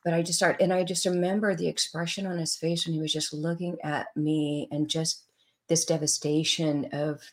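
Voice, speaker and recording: A woman's voice: low-pitched, level tone, moderate pace. A middle-aged woman telling an emotional personal story as a guest in an interview.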